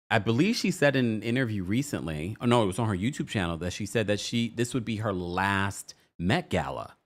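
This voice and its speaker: A man, hosting a casual livestream, chatting, laughing and reading viewer comments aloud. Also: on the low side. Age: 40s. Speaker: host.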